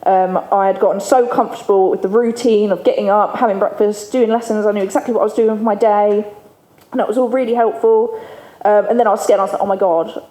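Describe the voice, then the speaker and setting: A woman's voice: medium pitch, steady tone, fast, warm tone. A woman giving a candid, chatty recovery testimony to an audience, laughing often. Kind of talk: personal testimony speech to an audience. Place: event hall with an audience. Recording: echoey hall, faint room ambience.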